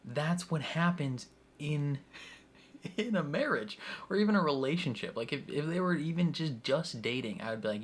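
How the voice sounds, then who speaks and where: A man's voice: a little high, animated, moderate pace, a little hiss or hum. A young man hosting a TV reaction video, rambling casually with lots of "like" and frequent laughter. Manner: rambling, laughs often, heavy use of "like".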